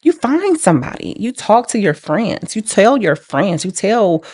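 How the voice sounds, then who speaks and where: A young woman tells her life story candidly, casual and emphatic, repeating phrases for weight and laughing through hard memories. Her mid-range voice swings widely in pitch at a measured pace, a little mellow and husky. The studio-quality recording has no echo.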